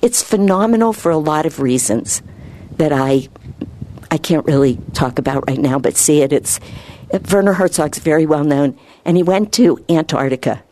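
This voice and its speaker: Woman giving a rambling spiritual talk, low mellow voice, earnest, dry sound. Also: moderate pace, slight background noise. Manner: rambling, earnest, rises in pitch when excited. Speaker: spiritual speaker.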